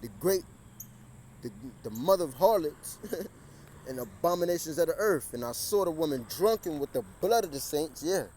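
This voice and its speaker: A man's voice: on the high side, animated, normal speed, a little mellow. A man preaching and reading scripture outdoors by a street, often restarting his words and raising his voice over the traffic. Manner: repetitive, stumbling restarts, raises voice over traffic. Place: outdoors beside a busy street. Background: passing cars.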